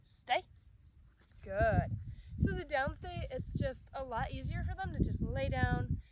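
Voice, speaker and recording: A woman dog trainer explaining commands outdoors in a relaxed way, breaking off to give short commands to her dog. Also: high-pitched, moderate pace. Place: outdoors in a grassy yard. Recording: outdoor recording with crickets and background noise.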